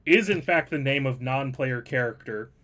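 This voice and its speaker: A man's voice: mid-range voice, moderate pace, fairly bright tone. A man running a tabletop game as game master, joking and rambling about his notes. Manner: joking, self-deprecating, rambling. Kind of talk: casual tabletop game chat.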